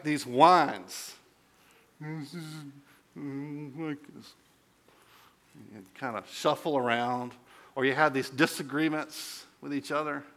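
A man's voice: a little high, pushed and bright. A man preaching a sermon as a pastor, telling stories in a conversational way and asking the listeners questions.

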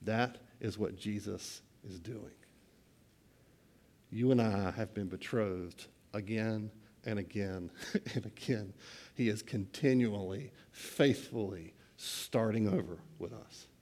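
A middle-aged man preaching a sermon, swinging between hushed, quiet lines and loud, excited bursts. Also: fairly low pitch, slow pace. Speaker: pastor.

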